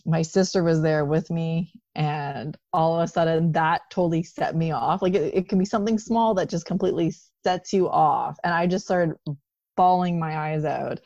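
A woman with a very low voice talks in a casual chat. She speaks in a reflective way and keeps checking in with her listener. The recording is dry and a little dull. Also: moderate pace, darkish tone, dry recording. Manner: conversational, reflective, often ends with "right?". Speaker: podcast co-host.

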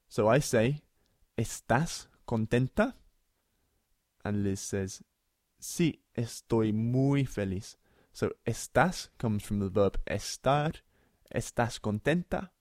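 A man teaches beginner Spanish on a podcast, his voice sitting low. He explains each phrase patiently and repeats it slowly. The sound is dry and close, with no room around it. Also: darkish tone, no echo. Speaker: language podcast co-host.

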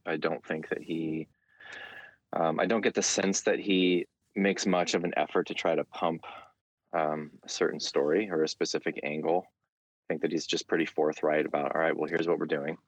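A man speaking as an interview guest in a relaxed, frank conversational way, with frequent small hesitations. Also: a bass voice, no echo. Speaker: interview guest, market commentator.

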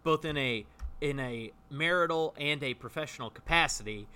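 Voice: mid-range voice, moderate pace, bright, forceful tone, smooth. A performer in an improvised comedy scene, talking in a flustered, backpedaling way and over-explaining everything.

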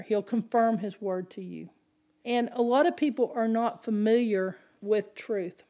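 A woman preaching a sermon, asking the congregation rhetorical questions and climbing in pitch and volume as she drives her points home. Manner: animated, rising in pitch and volume when stressing points.

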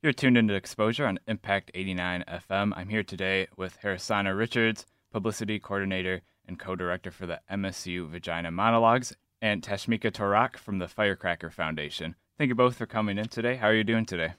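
A man's voice: deep voice, fast talker, hardly any pauses, a bit bright, smooth, dry recording, studio quality. A young man hosting a radio interview show, polite and a little scripted, with some "uh" fillers. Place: radio studio.

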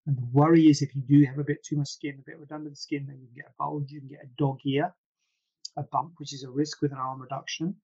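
A man's voice: on the high side, level tone, fast talker, dark tone, slightly rough, highs cut off. A man, a plastic surgeon, answering viewer questions in a casual, rambling live Q&A with frequent asides. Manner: chatty, rambling, self-deprecating asides.

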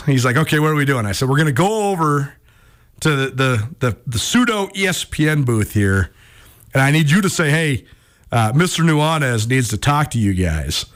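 Animated male radio host telling a story. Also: a little high. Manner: animated, self-mocking, many restarts. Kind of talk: casual storytelling on sports radio.

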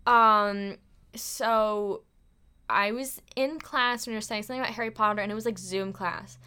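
A young woman in casual podcast chat, animated and quick to laugh, jumping up in pitch when she quotes people. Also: clean tone. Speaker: podcast co-host.

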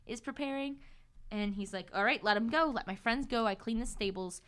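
A woman's voice: fairly high pitch, fairly quick, a bit bright, clear, resonant tone. A young woman co-hosting a casual book podcast, retelling the plot and putting on silly voices for the characters. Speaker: podcast co-host.

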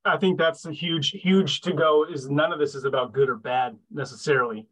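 A man's voice: on the high side, moderate pace, fairly bright tone, breathy edge, poor audio. A man appearing as a podcast guest, talking candidly and rambling as he searches for words. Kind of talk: casual podcast talk.

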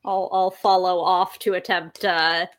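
A woman's voice: on the low side, flat delivery, unhurried. A woman playing in a tabletop game, chatty and hesitant, giggling often. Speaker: player. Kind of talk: casual tabletop role-play.

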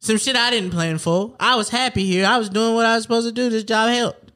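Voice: medium pitch, steady tone, brisk, fairly bright tone. A young adult co-hosting a casual podcast chat, talking emphatically and swearing freely. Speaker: podcast co-host.

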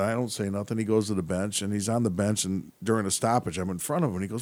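A man's voice: fairly low pitch, racing, few pauses, darkish tone, no room sound. A man, a hockey referee, telling stories from the ice in casual chat, plain-spoken and laughing. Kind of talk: casual storytelling.

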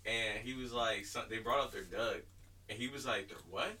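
A man's voice: medium pitch, normal speed, recorded from a distance, poor audio. A man co-hosting a casual podcast chat, telling stories with lots of laughter and acting out what people said. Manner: animated storyteller, laughs often, acts out quotes. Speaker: podcast co-host.

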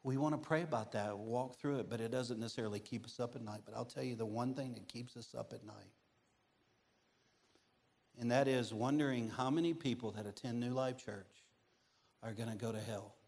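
A middle-aged man preaching as a guest pastor in a church, telling funny personal stories with big swings in pitch and loudness. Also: fairly quick, gravelly.

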